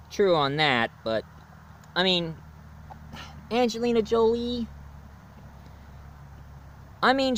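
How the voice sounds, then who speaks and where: A man's voice: mid-range voice, fairly bright tone, a little hiss or hum. Rambling American man reviewing casually. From United States. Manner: rambling and chatty, laughs at his own jokes.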